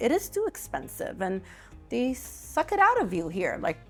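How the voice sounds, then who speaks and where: A woman speaks candidly about single parenting in a relaxed panel chat, her pitch rising and falling freely as she tells stories. Soft music plays faintly behind her. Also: brisk. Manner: animated, candid, tells stories with quoted voices.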